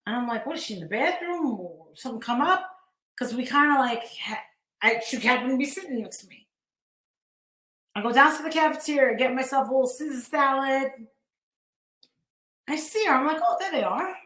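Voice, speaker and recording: A woman's voice: high-pitched, a little fast, long pauses, echoey room. A woman telling a story in a casual way, acting out the dialogue she quotes. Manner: animated, acts out quoted dialogue. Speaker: live-streamer recounting events.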